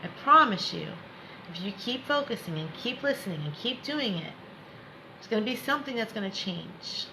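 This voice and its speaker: A woman's voice: medium pitch, animated, moderate pace, creaky, bright, forceful tone, slight background noise, rough recording. A woman spiritual coach leading a live guided meditation lesson, encouraging and reassuring viewers by name.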